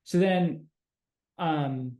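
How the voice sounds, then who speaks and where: An energetic man hosting a casual podcast, chatting like an old friend. His voice sits a little high. The room gives it a noticeable echo. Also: very slow. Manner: upbeat, energetic, says dude and bro. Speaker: podcast host. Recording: roomy echo.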